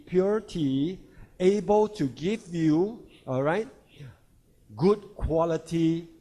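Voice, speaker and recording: A man's voice: fairly high pitch, dark tone. A man giving an instructional health talk who keeps checking in with his listeners. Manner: checks in with listeners, asking "right?" and "all right?". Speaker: health presenter.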